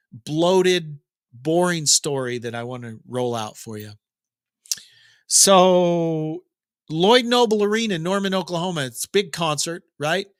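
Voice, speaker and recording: A man's voice: on the high side, a bit bright, no room sound, clean studio sound. A middle-aged man hosting a daily rock news update, chatting casually with jokes and digressions. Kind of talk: casual rambling commentary.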